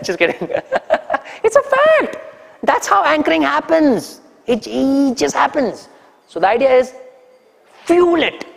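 A man with an Indian English accent giving an animated, teasing training talk to an audience, throwing questions at them. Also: a little high, vocal fry, big-room sound. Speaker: corporate trainer.

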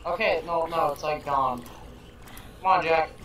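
A man playing a game with a friend, jumpy and quick to yelp in panic. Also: on the high side, a crowd in the background, low-quality recording. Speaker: co-player. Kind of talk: casual gaming chat.

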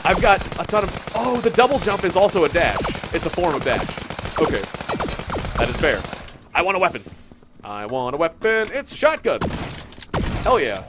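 A young man giving excitable, jokey commentary while playing a shooter, talking to himself as he plays. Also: sits high, a little fast, noisy background. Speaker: gaming YouTuber. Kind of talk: let's play commentary. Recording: game gunfire loud behind voice. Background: game gunfire and explosions.

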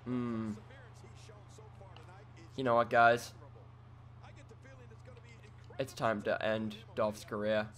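A man giving excitable let's play commentary, trash-talking his opponent and swinging between quiet mutters and sudden yells. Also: fairly low pitch, extremely slow, pauses often. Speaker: gaming commentator.

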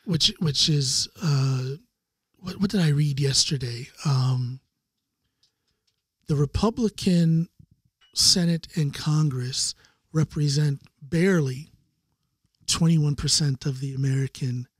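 Husky-voiced podcast host man. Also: fairly high pitch, slow, dry recording, clean studio sound. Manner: rambling, thoughtful, with frequent fillers and restarts. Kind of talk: casual conversation.

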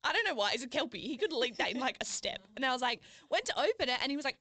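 A young woman trades sarcastic quips on a casual podcast. Her voice is high and swoops a lot. The recording is dry and close. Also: big pitch swings, bright, forceful tone, no room sound. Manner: quick sarcastic quips, swearing. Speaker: podcast co-host. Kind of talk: casual banter.

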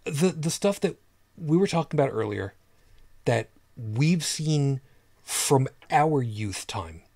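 A man's voice: fairly high pitch, lively intonation, takes it slowly, gravelly, mellow. A man co-hosting a podcast in casual chat, rambling and repeating words as he hunts for what to say. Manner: rambling, repeats words while searching for them. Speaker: podcast co-host.

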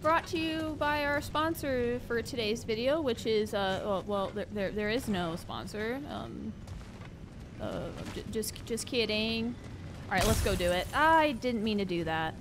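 A woman streaming a video game, chatting casually with her viewers and reacting excitedly to the fight. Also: on the high side, unhurried, background noise. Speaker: gaming streamer. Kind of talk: casual live gameplay commentary.

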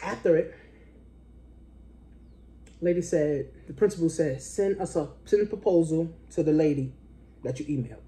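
A woman, a business coach, telling a story in a casual way. She swears freely and jumps into a high, excited voice when she quotes people. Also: normal speed, pauses often.

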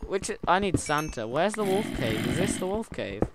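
A man giving casual, excitable commentary while playing a game, chatting to his in-game pet wolf. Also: sits high, moderate pace. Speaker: gaming channel host. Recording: loud background noise.

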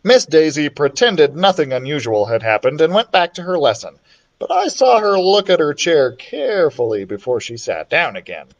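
A man reading a children's chapter book aloud, with an expressive, animated storytelling manner. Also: on the high side, normal speed, lo-fi sound. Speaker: children's librarian reader.

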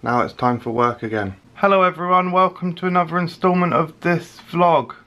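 A man's voice: a little high, brisk, bright, forceful tone, dull audio. A young British man chatting casually to camera in a vlog, with sweary, sarcastic asides. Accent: British English. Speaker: vlogger.

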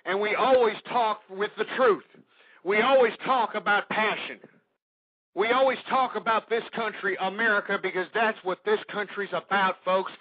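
Man, talk radio host, impassioned crude ranting, high husky dry voice. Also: no echo. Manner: fervent, shouting, repetitive, crude. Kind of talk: impassioned political radio rant. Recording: dull lo-fi internet radio recording.

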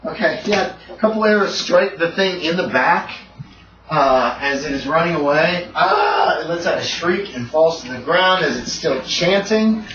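A man narrating as game master in a tabletop horror game, talking loosely with lots of fillers and bursts of shouted sound effects. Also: fairly high pitch, normal speed. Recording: roomy, distant, dull, noisy home recording.

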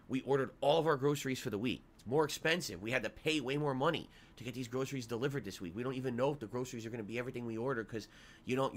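A man's voice: mid-range voice, fairly bright tone. A man with a congested nose giving viewers a rambling, complaining update on his illness. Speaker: streamer. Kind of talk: sick-day update to viewers.

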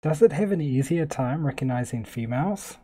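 Relaxed man chatting through a tech demo. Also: on the high side, normal speed, breathy edge. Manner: thinking aloud, relaxed and chatty. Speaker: tech vlogger. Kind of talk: casual screen-recorded tech demo.

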